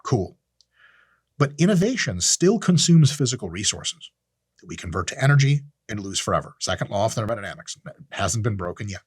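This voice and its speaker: With a fairly low, slightly rough voice and a brisk pace, a man hosts a podcast in a casual monologue. He's animated, blunt, profane, and opinionated, imitating the voices he quotes, in studio quality with no echo.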